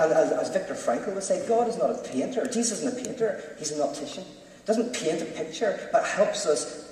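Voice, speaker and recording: Animated man in an echoey hall. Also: on the high side, distant mic, a little hiss or hum. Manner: animated, joking, restarts often. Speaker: speaker. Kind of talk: lively theological talk.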